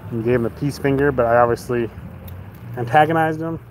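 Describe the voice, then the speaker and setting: A man's voice: medium pitch, brisk, slight background noise, poor audio. A man casually telling a story, acting out the voices of the people in it, often laughing. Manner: animated, acts out both sides with shouted quotes. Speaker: vlogger.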